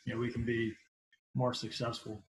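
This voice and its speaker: A man hosts a podcast for coaches and speaks in an earnest, even tone. His pitch stays mostly level and there is little rise and fall in his delivery. He sounds sincere as he praises his guest and closes the episode. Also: moderate pace, slight background noise, low-quality recording. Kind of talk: podcast interview and sign-off.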